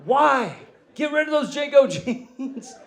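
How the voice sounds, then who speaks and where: A man's voice: extremely high pitch, expressive, slow, creaky. A man in his thirties doing a stand-up set, self-deprecating and chuckling through his jokes. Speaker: stand-up comedian.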